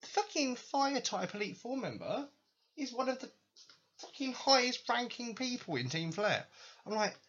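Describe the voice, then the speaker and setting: A man's voice: very high voice, very animated, moderate pace, fairly bright tone, dull audio, slight background noise. A young man hosting a podcast, ranting in exasperated, sarcastic, sweary commentary. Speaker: podcast host.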